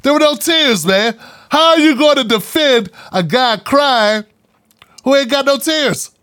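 A man with a high voice talks straight to his audience in a loose, sarcastic monologue, full of slang and mocking asides. His voice is close and dry, with no room around it. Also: animated, measured pace, bright, forceful tone, no echo. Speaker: political commentary host. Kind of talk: casual commentary monologue.

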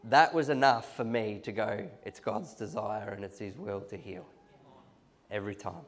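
A man preaching a sermon, telling stories with animated restarts and repetitions. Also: lowish voice, normal speed. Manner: storytelling, animated, restarts and repeats. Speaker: pastor.

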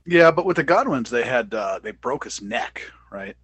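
A man co-hosting a casual podcast chat, animated and playful. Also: medium pitch, normal speed, husky, no room sound. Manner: animated, mocking impressions in bursts. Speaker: podcast co-host. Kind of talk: casual wrestling review chat.

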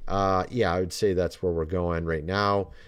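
A man's voice: sits low, little pitch movement, normal speed, clear, resonant tone. A man hosting his own podcast, talking in a loose, rambling way and turning sarcastic often. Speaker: podcast host. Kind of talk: casual commentary monologue.

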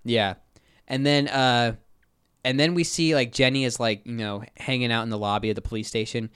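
A man's voice: medium pitch, steady tone, moderate pace, fairly bright tone, clear, resonant tone, no echo, clean studio sound. A man hosting a podcast, casually recapping a movie plot with lots of filler words. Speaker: podcast host. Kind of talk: casual film recap chat.

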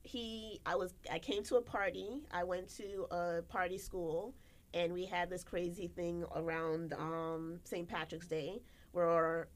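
A young American woman chats casually as a podcast co-host, her voice sitting a little low for a woman. She tells stories in an animated way, leaping up in pitch whenever she acts out what someone said. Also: a little slow. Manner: animated, acts out quotes with big pitch jumps. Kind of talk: casual storytelling chat.

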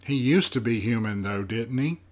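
A man's voice: medium pitch, lively intonation, normal speed, darkish tone, close to an everyday voice. A man voicing a nine-year-old girl in an audiobook, curious, direct and full of questions. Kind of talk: audiobook character voice.

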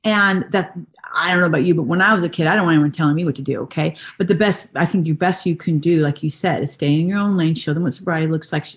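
A middle-aged woman speaking as an interview guest, telling stories in a lively, animated way with sudden jumps in pitch. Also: quick pace. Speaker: guest, actress. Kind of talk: candid conversational interview.

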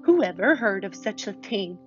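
Woman reader doing calm practical mom, measured and a bit chiding, dull lo-fi sound. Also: mid-range voice, faint music behind, natural voice. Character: calm, practical mother of five.

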